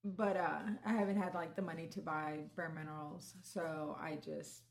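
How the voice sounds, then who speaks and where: A woman's voice: deep voice, little pitch movement, moderate pace, gravelly. A young adult woman in casual chat, telling a rambling story and laughing easily.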